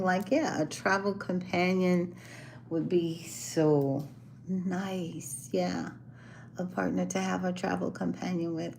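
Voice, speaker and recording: A woman's voice: medium pitch, a little mellow, a little hiss or hum, low-quality recording. Chatty woman talking live to viewers. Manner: chatty, laughs often, acts out quoted voices. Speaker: livestream host chatting with viewers. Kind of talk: casual live chat. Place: hotel in a city, music from a band downstairs.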